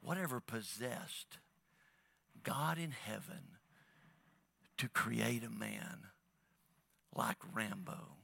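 A man retelling a film in a sermon, voicing a stern small-town male sheriff who speaks slowly and gravely. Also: lowish voice, lively intonation, pushed and bright, no echo, voice pushed down, exaggerated voice.

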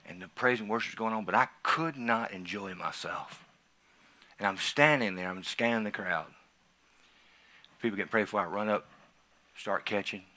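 A man who is a pastor, telling a personal testimony in a sermon, swinging from quiet asides to loud, excited emphasis. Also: lowish voice, moderate pace, pauses often.

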